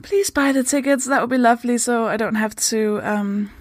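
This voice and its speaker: A woman's voice: on the high side, moderate pace, dry recording, studio quality. A woman from Denmark hosting her podcast in a casual, chatty way, giggling and swearing freely. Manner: slips into goofy voices for jokes. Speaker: podcast host.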